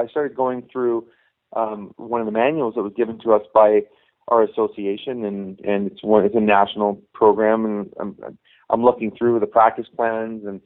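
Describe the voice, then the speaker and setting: A middle-aged man and youth hockey coach, telling rambling anecdotes in a casual interview and acting out the dialogue he quotes. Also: lowish voice. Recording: tinny phone line.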